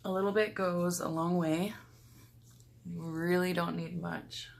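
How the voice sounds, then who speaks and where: Young woman vlogger, low-ish voice, unhurried, casual makeup chatter. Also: creaky. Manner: chatty, relaxed, talks while applying makeup. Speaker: beauty vlogger. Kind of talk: casual get-ready-with-me talk.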